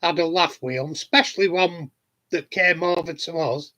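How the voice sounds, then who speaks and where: A man's voice: on the high side, moderate pace, bright, forceful tone. A middle-aged man with a Yorkshire accent, telling cheeky anecdotes in casual chat to his viewers from his shed. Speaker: hobbyist vlogger answering viewers. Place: home garden shed.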